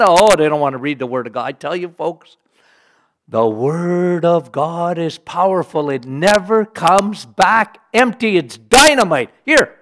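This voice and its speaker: A middle-aged man preaching a sermon, animated, rising to emphatic bursts and dropping low for weight. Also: unhurried.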